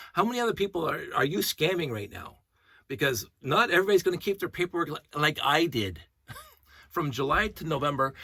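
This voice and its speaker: A man vlogging in a casual, rambling storytelling rant, animated and indignant as he retells events. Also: mid-range voice, slightly rough, dry recording.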